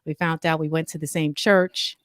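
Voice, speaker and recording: A woman, from Atlanta, answering as a podcast guest, nervous and halting with fillers. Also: deep voice, flat delivery, fairly bright tone, no room sound, clean studio sound. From Atlanta, USA. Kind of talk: casual interview.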